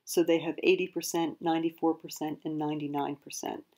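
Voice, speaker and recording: A woman's voice: low-pitched, little pitch movement, a little fast, warm tone. A woman hosting an explanatory video lesson, speaking carefully and correcting herself as she goes. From United States. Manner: careful, self-correcting, hedges with "I believe". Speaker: prepping channel host.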